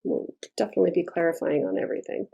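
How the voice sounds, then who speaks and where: A woman's voice: lowish voice, racing, vocal fry, dark tone, husky. A woman giving a casual tarot reading, talking bluntly and chattily and swearing freely. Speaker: tarot reader.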